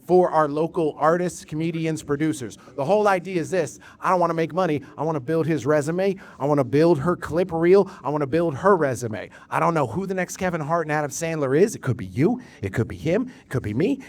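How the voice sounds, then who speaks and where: A man hosting a live comedy show in a bar, talking to the crowd with energetic, profane, rambling banter. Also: on the high side. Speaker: host and producer of the show.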